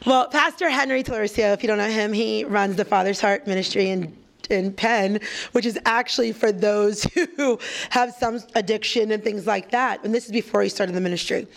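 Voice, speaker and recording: A woman, a church staff pastor telling a personal story in a casual chat, lively and quick to act out voices. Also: medium pitch, vocal fry. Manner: lively storyteller, acts out quoted voices, laughs often.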